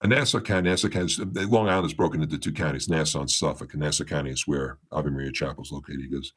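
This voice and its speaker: A man with a strikingly low, deep voice tells a long story as a podcast guest. He rambles and restarts his sentences, and his voice jumps up and down as he acts out what people said. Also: fairly even intonation, fast talker, breathy edge. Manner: meandering retelling with many restarts, acting out quoted dialogue. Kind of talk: storytelling in a casual interview.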